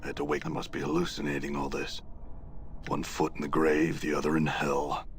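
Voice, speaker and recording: A man's voice: rumbling low, monotone, brisk, background noise. An actor voicing a weary, grim immortal man in a video game, with a wry tone. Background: game music.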